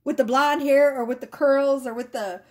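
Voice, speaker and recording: A woman voicing an exasperated spirit guide who bluntly scolds a listener in a loud, teasing tone. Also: sits high, fairly even intonation, normal speed, natural voice. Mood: exasperated scolding.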